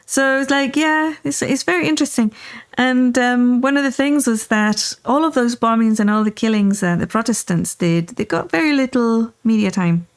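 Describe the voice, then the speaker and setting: A middle-aged woman with a fairly high, clean-toned voice hosts a casual talk show, or podcast, while riding in a car. Speaking at normal speed with hardly any pauses, she tells rambling personal anecdotes full of fillers in a casual storytelling chat.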